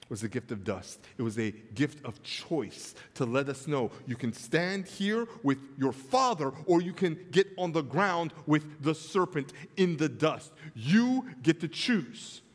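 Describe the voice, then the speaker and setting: A man preaching a sermon as pastor, telling a funny home story, then turning soft and earnest. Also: medium pitch, a little slow, big-room sound. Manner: storytelling with humor, swings from animated to soft and earnest. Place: church sanctuary.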